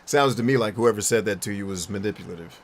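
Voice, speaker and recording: A man's voice: fairly low pitch, quick pace, a little hiss or hum. Blunt, profane male streamer chatting. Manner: blunt, profane, rambling with restarts. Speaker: streamer answering chat. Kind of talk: casual chat while gaming.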